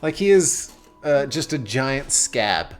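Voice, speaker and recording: A man's voice: medium pitch, sing-song, takes it slowly, soft background music. A man narrating a tabletop horror game as game master, rambling with many fillers and restarts and laughing often.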